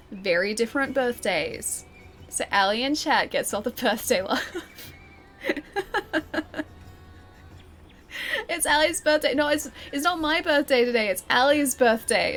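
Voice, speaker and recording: A woman's voice: on the high side, a bit bright. A young woman live-streaming a game, chatting with her viewers in a giggly, teasing way. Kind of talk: live-streamed gameplay chat.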